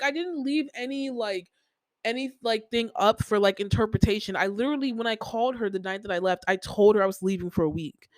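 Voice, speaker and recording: A woman's voice: a little high, dry recording, rough recording. A young adult woman hosting a podcast, venting in a casual personal monologue with many "like" fillers, repeating herself. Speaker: podcast host.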